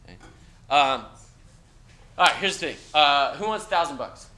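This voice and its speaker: A man's voice: a little high, lively intonation, moderate pace, bright, forceful tone. A middle-aged man giving a casual classroom lecture, talking to students in a blunt, conversational way and tagging lines with "okay?". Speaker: university lecturer.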